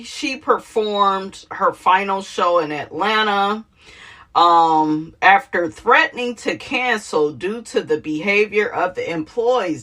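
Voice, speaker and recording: A woman hosting casual celebrity gossip commentary in a sassy, animated way, laughing often and calling viewers honey. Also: medium pitch.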